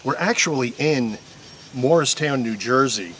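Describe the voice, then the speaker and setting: A man's voice: medium pitch, expressive, unhurried, fairly bright tone, a little hiss or hum. Chatty man hosting outdoors. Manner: chatty, rambling with restarts and asides to viewers. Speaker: paranormal investigator host. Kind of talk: casual on-camera commentary. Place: outdoors in a historic park field.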